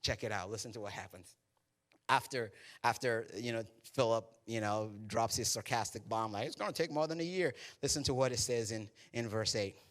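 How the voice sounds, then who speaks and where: A pastor with a lowish voice delivers a sermon in a church auditorium at normal speed. His storytelling is animated and conversational, with characters acted out and frequent check-ins with the audience.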